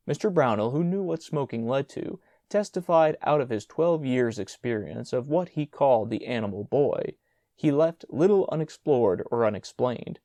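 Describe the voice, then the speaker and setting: A man narrating a classic short story as an audiobook, with expressive storytelling. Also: mid-range voice, normal speed, dry recording, studio quality. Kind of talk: audiobook reading.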